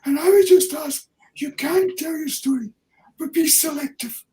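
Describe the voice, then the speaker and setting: With a very high, slightly mellow voice at a moderate pace, an older man from Ayrshire, Scotland speaks in a Scottish accent. He's an honorary professor offering earnest, plain-spoken interview answers, recorded distant from the mic.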